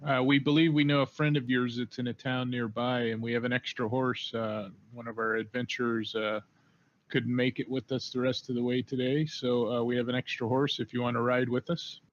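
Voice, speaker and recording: A man's voice: mid-range voice, flat delivery, brisk, lo-fi sound, slight background noise. A man playing an online tabletop game, speaking hesitantly with many fillers. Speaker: player. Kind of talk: casual tabletop game play.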